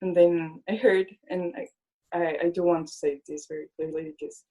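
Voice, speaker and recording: A young woman telling her own faith story as an interview guest. Her voice sits a little low for a woman, and she speaks earnestly, filling her sentences with "like" and acting out what she once thought to herself. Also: moderate pace, dark tone. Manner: earnest, fills speech with "like"; acts out her own past thoughts in quoted speech. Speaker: guest, illustrator. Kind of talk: personal faith testimony in conversation.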